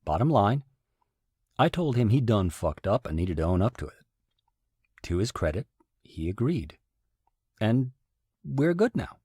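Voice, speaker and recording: A man telling a story in a casual commentary, wry and animated, with sudden jumps in pitch. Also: breathy edge, no echo, clean studio sound. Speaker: video essayist recounting events.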